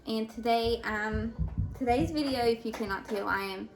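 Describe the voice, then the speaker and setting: A stay-at-home mom vlogging at home in casual chat, hesitant with many fillers and restarts, sounding overwhelmed and emotional. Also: female voice, a little high, moderate pace, noisy background. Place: at home indoors. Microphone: camera mic.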